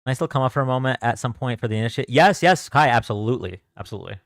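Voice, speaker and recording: A man's voice: medium pitch, expressive, rapid-fire, no echo, clean studio sound. A young man hosting a live stream from home, chatting casually and greeting viewers by name in a loose, joking way. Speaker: livestream host.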